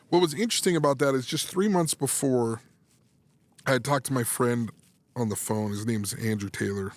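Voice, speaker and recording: Animated man telling a long story. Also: mid-range voice, normal speed, dry recording. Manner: animated, restarts phrases, acts out quoted dialogue. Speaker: guest, sports psychology coach. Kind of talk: casual storytelling in a podcast interview.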